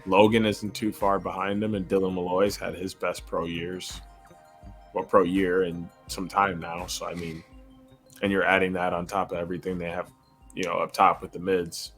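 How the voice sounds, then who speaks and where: A man with a very low voice talks through his picks in a relaxed, slangy way on a sports podcast. He sounds easygoing and sure of himself, and soft music runs underneath. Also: moderate pace. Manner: laid-back, slangy, breaks into loud laughs. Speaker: podcast co-host. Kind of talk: casual sports podcast chat.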